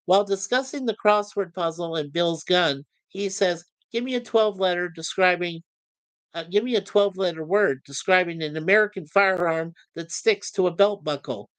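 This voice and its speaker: A man's voice: high-pitched, a bit bright, clean tone, no echo. A man hosting a casual livestream review of a TV series, chuckling as he reads out chat messages between trivia. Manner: friendly, chuckling, reads chat messages aloud with filler pauses. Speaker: podcast host reviewing a TV series.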